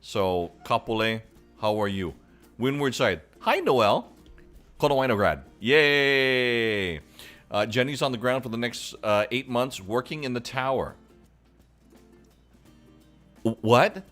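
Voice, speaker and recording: A man's voice: mid-range voice, animated, normal speed, fairly bright tone, soft background music. A man hosting a casual live entertainment stream, upbeat and chatty as he greets viewers by name. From Hawaii.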